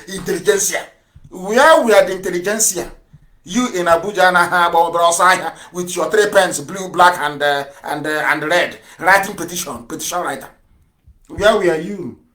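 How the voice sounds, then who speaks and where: A man giving a live radio address, fiery and mocking, firing off rhetorical questions and swinging from loud outbursts to low mutters. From Nigeria. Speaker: broadcaster.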